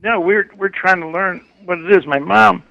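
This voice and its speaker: A man appearing as a comedian guest on a talk show, playful and quick to laugh as he trades jokes. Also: high-pitched, gravelly, dry recording, lo-fi sound. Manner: giggly, playful, lively. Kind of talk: casual talk show banter.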